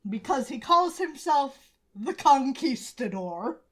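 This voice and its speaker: Casting: podcast co-host, woman, higher voice, lively comic recap, acts out quotes. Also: slow. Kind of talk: comic book recap banter.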